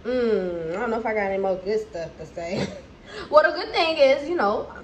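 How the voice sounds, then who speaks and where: A young pregnant woman talks straight to her camera at home in a higher voice. She is candid and chatty, with lively animated asides, and a faint hiss of noise sits under her voice. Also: normal speed. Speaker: vlogger. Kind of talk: casual chat to camera.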